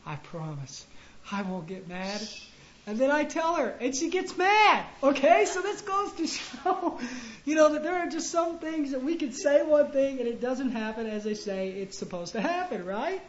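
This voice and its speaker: A man giving a sermon to a room of men, conversational and halting, with frequent restarts and punchy stresses. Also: extremely high pitch, lively intonation. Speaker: preacher. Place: room with an audience. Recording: echoey, muffled room recording with faint ambience.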